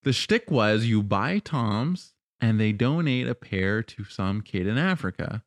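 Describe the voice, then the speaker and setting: A man in casual podcast talk, explaining his point in a measured way and walking through examples with some fillers. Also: lowish voice, lively intonation, no echo, studio quality. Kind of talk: casual chat.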